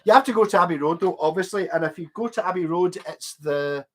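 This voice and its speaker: Rambling Scottish man, slightly high voice. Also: fast. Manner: rambling, anecdotal, chuckling, reads chat. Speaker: livestream host. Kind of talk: casual chat on a livestream.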